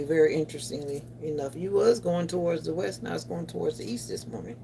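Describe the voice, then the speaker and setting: A woman with a low voice and a Southern country twang talks to her viewers in a rambling, easygoing way. She chats while busy at home. Clicks and crinkling from the kitchen come through clearly behind her. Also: fast talker, few pauses, dark tone, slight background noise. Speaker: vlogger. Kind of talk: casual vlog chat while cooking.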